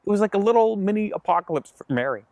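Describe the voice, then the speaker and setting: A man's voice: sits high, animated, fast, a little mellow, dry recording. A man playing an earnest male disciple, speaking straight to the audience in a chatty first-person monologue. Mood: explaining. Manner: conversational, earnest, addresses listeners directly.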